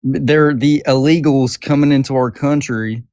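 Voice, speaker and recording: A man's voice: mid-range voice, fairly even intonation, a little slow, a little mellow, no room sound, studio quality. A man, calling in to provoke a host. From Arkansas, US. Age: 20s. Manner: trolling, provocative, defiant. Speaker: caller.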